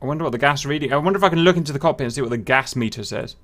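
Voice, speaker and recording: A man's voice: medium pitch, very fast, a bit bright, rough recording. A man bantering and exclaiming playfully while flying a jet in a flight simulator with a friend. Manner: playful, exclaiming, self-mocking. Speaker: flight sim group member and video host. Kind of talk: joking gameplay banter.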